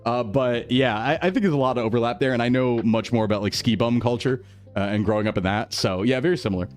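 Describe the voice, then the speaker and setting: Talking fast over faint background music, a live streamer from New England banters casually with chat. He thanks viewers in an upbeat manner, his voice frequently jumping high with excitement.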